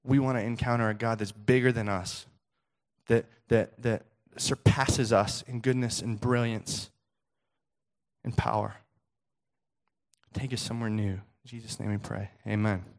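A male pastor preaching a sermon in a conversational, animated storytelling way, with frequent restarts. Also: fairly low pitch, unhurried.

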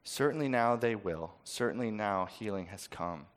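A man preaching a sermon, swinging from loud, dramatic quoting to soft, intimate asides. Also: on the low side, lively intonation, normal speed.

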